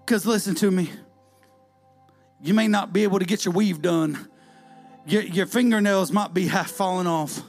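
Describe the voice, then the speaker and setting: A man preaching in a high, gravelly voice. He repeats his phrases in call-and-response style, sometimes shouting and sometimes singing his lines. Faint music plays underneath. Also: moderate pace, long pauses. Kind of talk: sermon.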